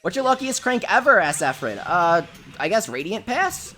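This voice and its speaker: A woman's voice: medium pitch, sing-song, normal speed, a bit bright, faint music behind. A woman from the United States hosting a casual gaming livestream, chatty and reading viewer comments aloud. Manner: chatty, reads chat aloud, gushes over pets.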